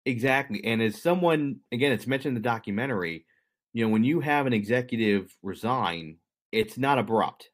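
A man's voice: medium pitch, lively intonation, moderate pace. A man co-hosting a podcast, casually telling a history story with jokes and asides to his co-host. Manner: conversational, jokey, explains history to co-host.

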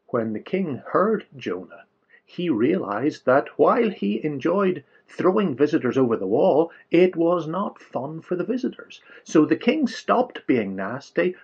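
Male kids' storyteller, playful and exaggerated. Husky, lively pitch. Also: lo-fi sound. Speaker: children's storyteller. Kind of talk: storytelling for children.

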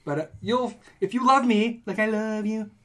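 A man's voice: high-pitched, moderate pace, fairly bright tone. A man hosting a podcast, joking and rambling through casual banter with his guests. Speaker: podcast host. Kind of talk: casual chat.

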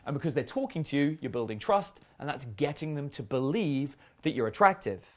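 A man's voice: on the high side, expressive, fairly quick. A man giving a casual dating seminar, chatty and full of fillers. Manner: chatty, uses many fillers and acted quotes. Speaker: dating coach.

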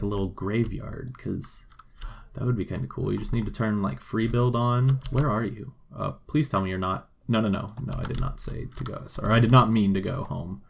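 A man's voice: medium pitch, vocal fry, a little hiss or hum. A man giving casual, joking gameplay commentary and talking to the game characters as he plays. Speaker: gameplay video host.

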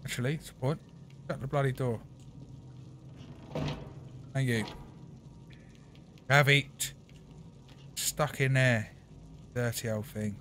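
Excitable man playing a game. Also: mid-range voice, takes it slowly, pauses often, slight background noise. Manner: excitable, chatty, talks to the game. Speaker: gaming channel host. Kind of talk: gameplay commentary.

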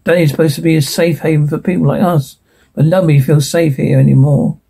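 A weary, gravelly-voiced man. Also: on the high side, steady tone, brisk, warm tone. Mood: worried. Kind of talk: television drama dialogue.

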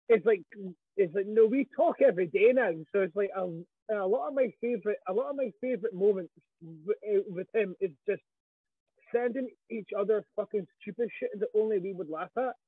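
Husky high-voiced Scottish man on a tinny line. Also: brisk, dry recording. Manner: animated, swears freely, quotes others. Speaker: wrestling guest. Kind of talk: casual storytelling interview.

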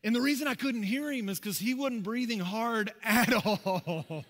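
A man preaching a sermon as pastor, telling a personal story in a conversational, animated way with asides to the congregation. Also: extremely high pitch, a little slow, long reverb tail. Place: church sanctuary.

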